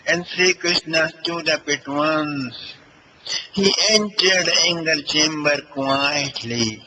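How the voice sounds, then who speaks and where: Guy swami narrating a devotional tale, bright tone, faint background noise. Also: fairly high pitch, poor audio. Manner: slow, deliberate, addresses listeners as dear friends. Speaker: swami, spiritual storyteller. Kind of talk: devotional storytelling.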